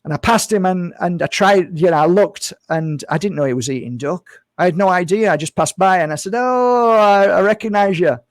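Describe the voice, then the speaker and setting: Brief: male vlogger, higher-pitched, dry close sound, loose earnest monologue full of repeats. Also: a little fast, no room sound. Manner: earnest and rambling, repeats phrases, addresses viewers as guys. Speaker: spiritual healer and vlogger. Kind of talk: casual talk to camera.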